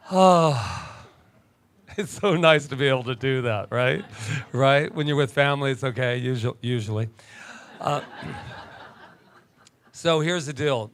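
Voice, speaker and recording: Animated man preaching a sermon. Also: mid-range voice, slow, pauses often, slight background noise. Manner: animated, conversational preaching with laughter. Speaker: minister. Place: church sanctuary.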